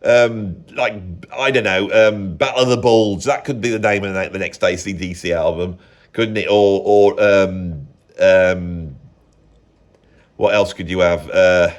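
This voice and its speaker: A man's voice: sits low, fairly even intonation, unhurried. An English man, a music commentator, talking in a casual rambling monologue, opinionated and often cutting himself off mid-thought. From England. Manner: rambling, self-interrupting, opinionated.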